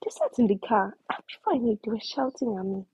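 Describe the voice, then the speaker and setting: A young Nigerian woman telling a story in casual chat, acting out her own shouting and slipping into pidgin. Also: fairly high pitch, quick pace, breathy edge, no room sound, muffled recording. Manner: animated, switches into pidgin, acts out shouting.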